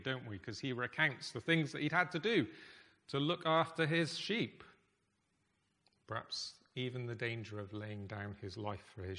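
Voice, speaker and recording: A man preaching a sermon in a conversational, emphatic way, with pauses. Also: medium pitch, pushed and bright. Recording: echoey hall reverb.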